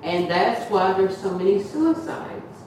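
A woman's voice: medium pitch, lively intonation, a little slow, darkish tone. Older woman, echoey church testimony. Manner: earnest, rambling, acts out quoted voices. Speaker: church member giving a testimony. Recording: very echoey room, from far off, faint noise.

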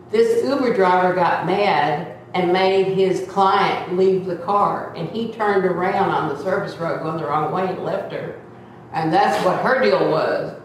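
A woman's voice: on the low side, a little hiss or hum. Seventy-year-old woman, echoey distant church hall. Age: 70s. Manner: lively, acts out the voices in her story. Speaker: church member giving a testimony. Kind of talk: animated storytelling testimony.

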